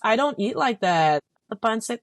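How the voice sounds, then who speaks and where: A woman guest in a podcast interview, talking in an animated, slangy and enthusiastic way. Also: fairly high pitch, moderate pace, no room sound, clean studio sound. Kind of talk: casual conversational interview.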